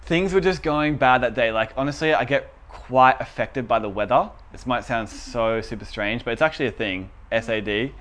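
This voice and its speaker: Young guy, casual storyteller, mid-pitched, laughs a lot. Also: normal speed, few pauses, fairly bright tone. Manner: laughs often while telling stories; chatty, self-deprecating storytelling. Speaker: podcast co-host. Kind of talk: casual chat.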